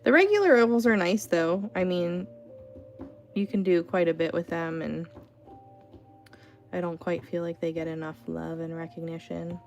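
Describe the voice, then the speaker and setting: A woman's voice: fairly low pitch, normal speed, long pauses, darkish tone, soft background music. A woman hosting an art livestream from home, chatting casually with lots of "like" and "you know".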